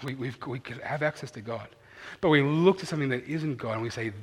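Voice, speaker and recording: A man preaching a sermon in an earnest, animated way, rising to loud emphasis and dropping to quiet asides. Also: mid-range voice, quick pace, husky, big-room sound. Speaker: pastor.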